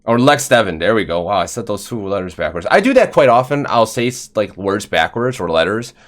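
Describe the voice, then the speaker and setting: A man's voice: fairly low pitch, animated, brisk. A man hosting a casual interview podcast, rambling and stumbling over his words. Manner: rambling, stumbling, frequent fillers. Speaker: podcast host.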